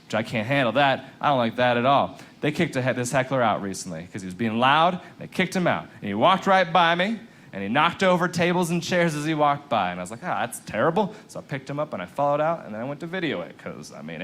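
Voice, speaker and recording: A man performing a stand-up comedy set on a club stage, telling a story with lively swings in pitch for the excited parts. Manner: animated storytelling, jumps up high in pitch for excited bits.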